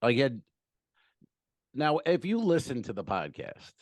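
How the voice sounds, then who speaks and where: A man, a comedian and podcast co-host, telling stories in animated, casual banter and swearing freely. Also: mid-range voice, a little slow, no room sound.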